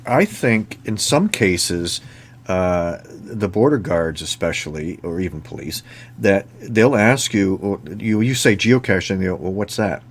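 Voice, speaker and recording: A man's voice: low voice, animated, measured pace. A man from Ontario hosting a casual chat, telling rambling stories and acting out the dialogue. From Ontario, Canada. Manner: rambling anecdotes with laughs and acted-out dialogue. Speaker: host.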